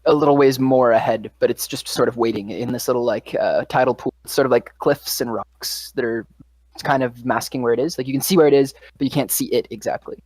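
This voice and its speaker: A woman's voice: rumbling low, fairly quick, darkish tone, breathy edge, rough recording. A woman narrating a tabletop game as dungeon master, casual and full of fillers. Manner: casual, lots of "like" and "uh".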